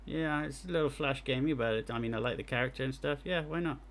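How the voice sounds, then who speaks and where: A man giving live gameplay commentary as he streams and reviews game jam entries, excitable and thinking aloud as he plays. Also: medium pitch, quick pace, slight background noise. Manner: excitable, talks to himself while playing.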